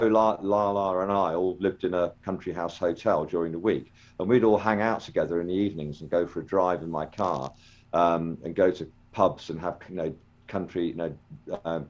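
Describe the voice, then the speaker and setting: Older guy, low voice, muffled lo-fi sound, rambles on with lots of ums. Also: steady tone, moderate pace. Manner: rambling, hesitant, many ums and restarts. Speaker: interview guest, former children's TV actor. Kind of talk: casual storytelling interview. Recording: dull lo-fi call audio.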